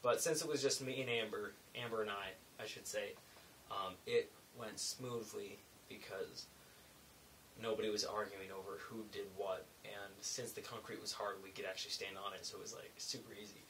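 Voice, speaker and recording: A young man telling a rambling, animated story in a casual vlog, full of asides and self-corrections. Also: lowish voice, moderate pace, far from the mic, slight background noise, poor audio. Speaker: vlogger.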